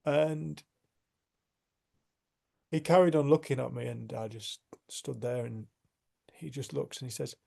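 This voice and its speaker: Gravelly, mellow-voiced man telling a story. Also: mid-range voice, fairly even intonation, a little slow, pauses often. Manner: earnest, reflective storyteller with many restarts. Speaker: community group host. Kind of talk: storytelling in casual conversation.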